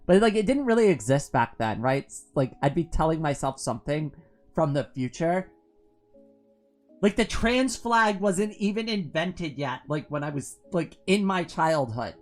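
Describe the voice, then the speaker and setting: A woman's voice: sits low, lively intonation, normal speed, faint music behind. A woman in her forties chatting casually on a live stream, rambling with lots of fillers and laughing often. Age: 40s. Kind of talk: casual chat reading viewer comments.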